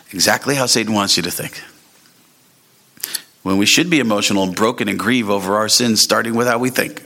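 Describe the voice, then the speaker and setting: A man preaching a sermon as a pastor, earnest and rising sharply in pitch when he presses a point. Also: a little fast, pauses often, pushed and bright.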